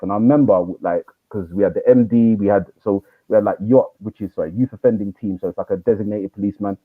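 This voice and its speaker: Fast-talking man on a tinny line. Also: lowish voice. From East London. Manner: animated storyteller, quick. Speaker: guest, teacher trainer. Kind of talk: interview storytelling.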